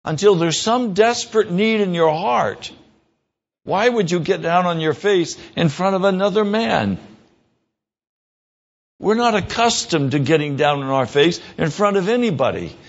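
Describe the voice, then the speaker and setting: A man preaching an earnest, emphatic radio sermon as a pastor. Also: highs cut off. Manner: earnest preaching, slow and emphatic, rising in pitch when pressing a point.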